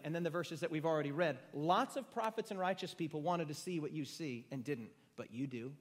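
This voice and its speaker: Male pastor, high voice, dramatic sermon with loud-to-hushed swings, long hall echo. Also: fairly quick, hardly any pauses. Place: room with a gathered congregation. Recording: reverberant hall sound.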